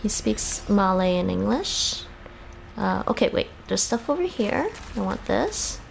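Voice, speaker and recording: A woman's voice: mid-range voice, very animated, a little slow, vocal fry, slight background noise. A Canadian woman chatting casually while streaming a game, a little tired, thinking aloud and laughing often.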